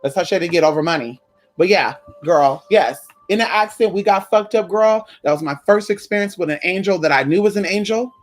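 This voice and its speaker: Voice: medium pitch, a little fast. A spiritual content creator in casual, profane chat, telling stories straight to viewers with frequent "girl", "honey" and "y'all".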